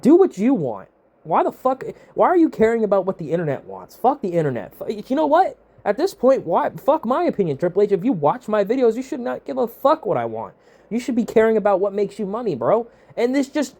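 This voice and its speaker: A man's voice: a little high, warm tone. A young man ranting with heated, profane exasperation as the host of a wrestling review. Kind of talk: ranting commentary.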